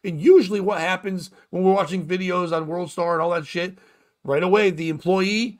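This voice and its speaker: A man's voice: sits high, fairly even intonation, moderate pace. A man hosting a casual comedic talk show, riffing and ranting with lots of swearing. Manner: profane, riffing, rambling rants. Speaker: podcast host.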